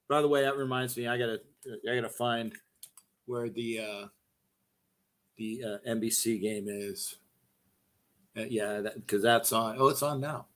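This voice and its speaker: Hosting a fan call-in show, a middle-aged man rants heatedly and casually, swearing, fired up, and circling back to the same points. His voice is medium-pitched and sharp in tone, delivered at a moderate pace.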